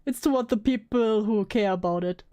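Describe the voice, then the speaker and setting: A woman's voice: medium pitch, brisk, mellow, clean tone. A woman giving casual reaction commentary, sarcastic and swearing, often laughing. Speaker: commentary streamer.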